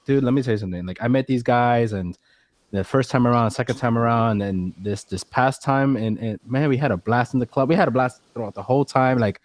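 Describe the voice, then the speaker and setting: A man's voice: mid-range voice, a little fast, no room sound. A man speaking as a guest in a casual chat, earnest and emphatic, often repeating himself.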